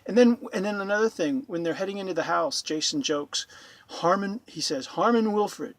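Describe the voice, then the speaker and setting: A man's voice: high voice, a little fast, fairly bright tone, no echo. A man commenting on a video with sarcastic, incredulous remarks, often repeating himself, recorded at home. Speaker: YouTube commentator.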